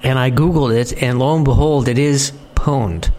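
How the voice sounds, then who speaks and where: A man's voice: medium pitch, moderate pace, darkish tone. Rambling self-mocking podcast host, a man. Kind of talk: casual podcast chat.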